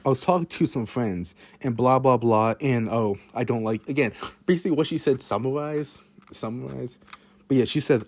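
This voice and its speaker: A man's voice: medium pitch, normal speed, darkish tone. A man telling a casual story to his viewers, rambling and repeating himself, laughing and swearing along the way.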